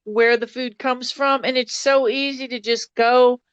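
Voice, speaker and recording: A woman's voice: a little high, fairly even intonation, unhurried, clear, resonant tone, dry recording, lo-fi sound. A middle-aged woman who used to work as a take-home chef, chatting casually on a live stream and telling a joke with easy laughs.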